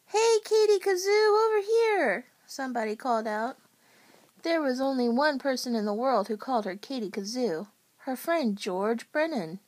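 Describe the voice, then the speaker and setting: A woman reading a children's storybook aloud at bedtime, gentle and unhurried. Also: a little high.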